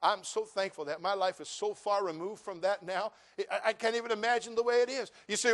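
Older male pastor preaching, high voice. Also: steady tone, fairly quick, few pauses. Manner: swings from hushed storytelling to loud preaching. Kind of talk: sermon.

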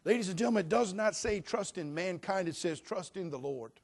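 Middle-aged preacher guy, bit of a high voice, gets loud then goes quiet and slow for emphasis. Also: lively intonation. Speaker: pastor. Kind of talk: sermon.

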